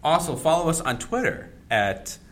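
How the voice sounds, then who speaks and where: A man's voice: fairly high pitch, sing-song, moderate pace, fairly bright tone. A college-age man co-hosting a podcast in casual chat, laughing easily and trailing off into fillers. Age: 20s. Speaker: podcast co-host.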